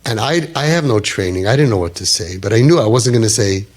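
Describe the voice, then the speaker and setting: A man's voice: mid-range voice, big pitch swings, normal speed. A man in his fifties telling a personal story animatedly, peppered with Yiddish and Hebrew words. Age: 50s. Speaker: storyteller speaker.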